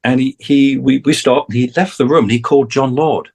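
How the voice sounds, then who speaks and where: A middle-pitched English man in his sixties rambles through stories about his career, doubling back and restarting sentences as he goes. Now and then he acts out other people's lines in a voice pitched higher than his own. He sounds like a guest speaking over a video call. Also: fairly quick, breathy edge. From England. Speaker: guest, session drummer. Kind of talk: casual storytelling interview.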